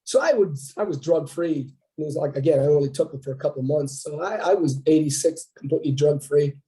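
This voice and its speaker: Animated Canadian man telling a story. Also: on the high side, brisk, rough recording. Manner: animated storyteller acting out quoted dialogue. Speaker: podcast guest, bodybuilder. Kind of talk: casual storytelling interview.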